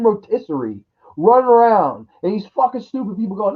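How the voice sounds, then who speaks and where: Over dull lo-fi audio, a man with a high, husky voice rants briskly through a crude, exasperated horror movie review, his pitch swinging wildly. He mocks the characters in put-on voices, and the whole thing is a profane film rant.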